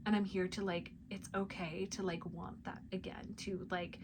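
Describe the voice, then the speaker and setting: A woman sharing an intuitive spiritual message with her viewers, speaking softly and intimately, often dropping to a near-whisper, with plenty of casual fillers. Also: medium pitch, little pitch movement, moderate pace, background noise. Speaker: spiritual reader and channel host.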